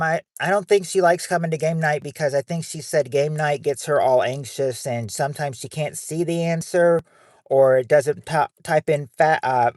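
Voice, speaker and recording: A man's voice: on the high side, darkish tone, no echo, clean studio sound. A man hosting a livestream game night on his phone in a casual, rambling way, reading out viewers' names and answers.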